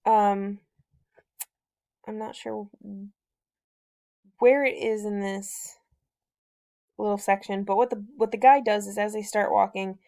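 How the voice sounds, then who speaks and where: A woman's voice: medium pitch, steady tone, takes it slowly, pauses often, warm tone. A woman hosting a book discussion, casually retelling a novel's plot in a conversational way, with loose fillers and restarts.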